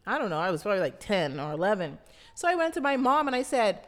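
A woman's voice: mid-range voice, big pitch swings, fast talker, big-room sound. A woman with a Bahamian accent, a brand founder giving a motivational talk in an emphatic, repetitive, preaching cadence.

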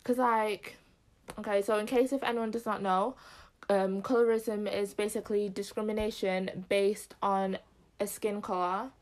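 A woman's voice: medium pitch, fairly even intonation, unhurried. A young woman from Zimbabwe in casual chat as a podcast co-host, talking loosely with many fillers.

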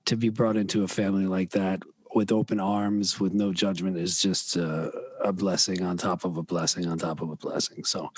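A man's voice: lowish voice, no room sound. Rambling man on a dry mic. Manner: rambling, full of restarts. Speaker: podcast guest. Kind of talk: casual podcast chat.

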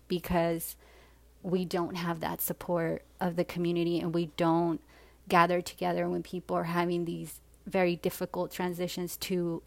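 Low, gravelly woman telling her story. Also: a little mellow, no room sound. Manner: frank, swears freely, many fillers. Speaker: personal storyteller. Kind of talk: candid personal storytelling.

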